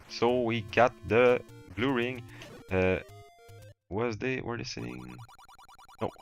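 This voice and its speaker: A French-speaking man from Quebec with a Québécois French accent, chatting loosely while he plays a game live, with halting starts, fillers and restarts. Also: medium pitch, fairly even intonation, gravelly. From Quebec, Canada. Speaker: streamer. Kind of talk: casual gaming livestream chat. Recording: faint game music underneath.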